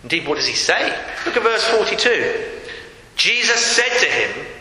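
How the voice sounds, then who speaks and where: Male preacher, bright ringing tone, slow deliberate delivery, long church reverb. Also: high voice, sing-song, slight background noise. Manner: slow, emphatic, repeats key phrases. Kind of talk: sermon. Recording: echoey hall with long reverb.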